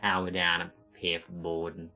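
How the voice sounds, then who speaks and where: A smug space pirate captain hails his prey in a low, silky, menacing drawl, as a man puts him on. The voice sits deep and steady, with a faint bed of game music behind it. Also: normal speed, heavily acted. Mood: smug threat. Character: smug male pirate captain hailing over comms.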